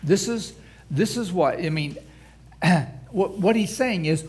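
Slow-preaching man pastor. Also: high voice, expressive, darkish tone. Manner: preaching with rising emphasis on scripture, many restarts and throat clearing. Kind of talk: sermon.

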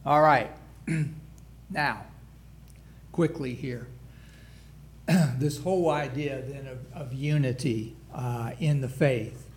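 A man's voice: medium pitch, slow, long pauses. A man pastor preaching a sermon, reading scripture aloud with rising emphasis and frequent restarts.

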